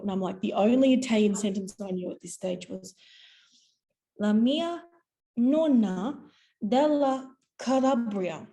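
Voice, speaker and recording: An Australian woman, a podcast guest, telling a story in a lively, animated way and acting out voices. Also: medium pitch, poor audio. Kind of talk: storytelling interview.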